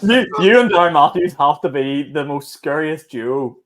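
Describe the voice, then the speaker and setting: A Northern Irish man, a comedian hosting a podcast, joking in quick casual banter. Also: fairly high pitch, expressive, a bit bright. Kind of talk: casual chat.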